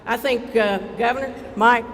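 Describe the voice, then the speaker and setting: A state legislator with an Eastern Kentucky accent giving a heartfelt, folksy dedication speech to a crowd at an outdoor ceremony. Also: male voice, very high-pitched, steady tone, normal speed, fairly bright tone. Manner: folksy, heartfelt, rising to rallying cries. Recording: reverberant PA with crowd and background noise.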